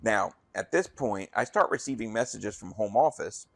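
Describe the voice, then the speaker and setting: Gravelly low-voiced man telling a story. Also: lively intonation, normal speed, no room sound. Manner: rambling, conversational, acts out quoted dialogue. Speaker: restaurant manager. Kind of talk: casual storytelling while gaming.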